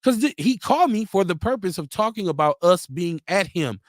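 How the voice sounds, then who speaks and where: A man hosting a live talk stream in a loose, animated way, reading viewer comments aloud and acting out quotes. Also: sits high, fairly quick, no room sound, studio quality. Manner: loose, animated, laughs often, acts out quotes. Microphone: streaming mic.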